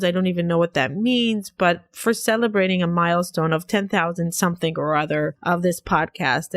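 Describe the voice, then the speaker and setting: A woman's voice: on the low side, dry recording. A woman hosting her own podcast, talking earnestly about her practice, her voice nasal from a cold. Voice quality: earnest, reflective. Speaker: podcast host. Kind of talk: solo podcast talk.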